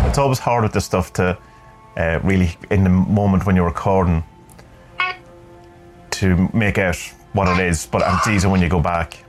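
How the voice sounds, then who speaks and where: A fairly low-pitched man talks through his thoughts in a loose, rambling vlog style. He hosts his own podcast and keeps stopping to search for the right words. Soft music plays faintly behind him. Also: normal speed. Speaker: podcast host. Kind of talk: reflective spoken vlog.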